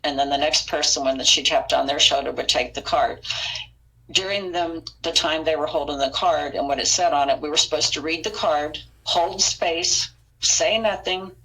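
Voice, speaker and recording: A woman's voice: low voice, pushed and bright, low-quality recording. A woman guest on a podcast interview, earnestly retelling her experiences and acting out the dialogue. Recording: audio interview.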